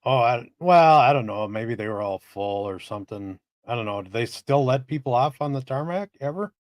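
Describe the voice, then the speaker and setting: He co-hosts a casual live-stream chat, easygoing and free with his swearing as he reads out messages from chat. The voice is medium-pitched and lively in intonation at a moderate pace, recorded cleanly in a studio without echo.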